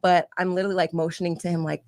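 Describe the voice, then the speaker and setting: A woman being interviewed, quickly and earnestly retelling what happened to her. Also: on the low side, level tone, darkish tone, dry recording, studio quality. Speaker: interview guest. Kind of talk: recounting in an interview clip.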